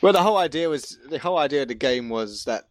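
A man's voice: a little high, animated, fast talker, no room sound. A young man in a casual podcast chat, wry and a bit hesitant. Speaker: podcast co-host.

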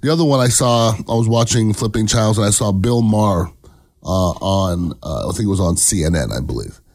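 A man's voice: fairly low pitch, fairly quick, a little mellow. A man giving a casual political commentary monologue, emphatic, blunt and profane, often checking in with "okay?".

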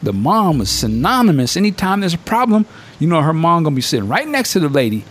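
Animated slangy man telling stories. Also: on the high side, fast. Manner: animated storytelling, acting out quotes in a raised voice; slangy, profane, laughs often. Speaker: podcast host. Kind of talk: casual chat.

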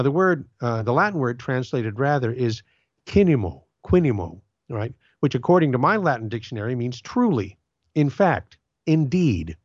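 A man's voice: mid-range voice, no room sound, dull audio. A man reading a gospel passage and then explaining it in an earnest, commentary style, with some fillers and restarts. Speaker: Catholic commentator.

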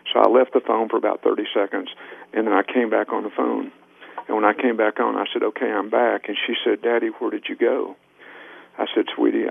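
Here a middle-aged leadership trainer, his fairly low voice full of vocal fry, earnestly recounts anecdotes during a radio interview. He acts out the dialogue, and the sound is a tinny phone line.

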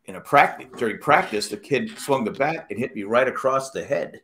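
A middle-aged man hosts a relaxed podcast chat at a mid-range pitch. He rambles through stories and acts out what other people said along the way. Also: a little fast, slight background noise. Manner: rambling storyteller, acts out quotes. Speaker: podcast host. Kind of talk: casual chat.

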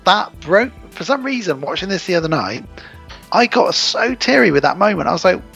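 Male co-host, gravelly, chatty, faint music under it. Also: high voice, big pitch swings, brisk, fairly bright tone. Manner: chatty, acts out movie lines in silly voices. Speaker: podcast co-host. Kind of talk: casual film chat.

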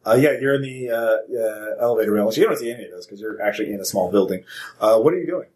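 Halting man running a tabletop game. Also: fairly low pitch, a little mellow. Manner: halting, full of uh fillers, chuckling. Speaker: game master. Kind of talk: narrating a tabletop role-playing game.

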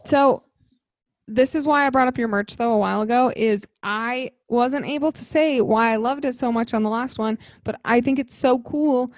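A woman's voice: on the high side, normal speed, no echo, clean studio sound. Bubbly young woman co-hosting a podcast. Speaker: podcast co-host. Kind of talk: casual podcast chat.

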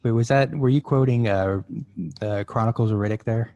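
A man in casual podcast chat, throwing in dry deadpan quips. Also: medium pitch, fairly quick, highs cut off.

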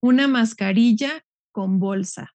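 A woman who reads model phrases aloud for learners, slowly and deliberately. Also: a little high, darkish tone, no room sound. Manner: slow, deliberate phrase reading.

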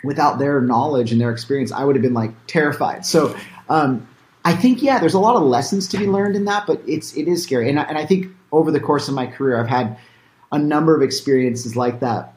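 A man's voice: medium pitch, fairly quick, darkish tone, reverberant. A man, a filmmaker being interviewed, talking casually with many fillers and restarts. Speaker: filmmaker guest.

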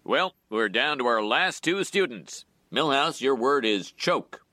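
A man's voice: medium pitch, expressive, unhurried, sharp tone, no room sound, studio quality. A man voicing a pompous, fussy middle-aged school principal in a cartoon. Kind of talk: cartoon voice acting.

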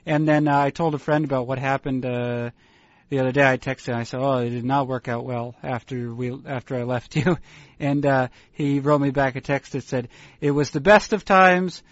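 A man co-hosting a casual chat, rambling and halting, amused at his own stories. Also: medium pitch, little pitch movement, no echo, dull audio. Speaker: podcast co-host.

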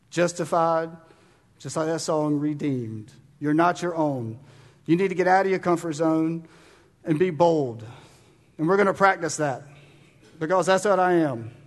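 Male pastor, high voice, fervent and urging sermon delivery, long hall reverb. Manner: fervent, urging, with sudden loud bursts and quiet drops. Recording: long reverb of a large room.

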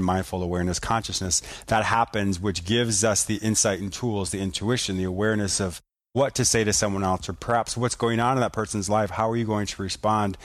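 Measured, reflective man, lowish voice. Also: no echo. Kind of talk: conversational interview.

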